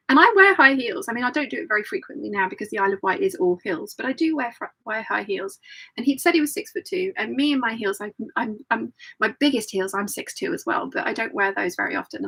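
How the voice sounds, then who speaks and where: A middle-aged woman hosts a casual live-stream chat, telling funny stories and laughing often. Her voice is a little high, creaky, fairly bright and slightly rough, and the recording quality is low.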